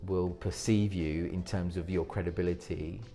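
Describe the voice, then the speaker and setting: With soft music behind him, this man speaks at normal speed in a low-pitched, steady, dark-toned voice. As a speaking coach in an interview, he offers presentation tips energetically, frequently restarting sentences and demonstrating techniques.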